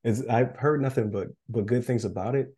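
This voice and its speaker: A man's voice: medium pitch, brisk, dark tone, husky. A man co-hosting a podcast in casual chat, rambling with lots of fillers and laughs, and losing his voice. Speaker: podcast co-host.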